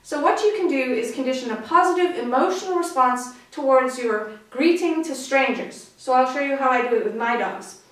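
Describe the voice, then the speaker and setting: A woman's voice: high voice, moderate pace, hardly any pauses. A woman dog trainer giving an upbeat, friendly instructional talk. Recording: very echoey, distant mic.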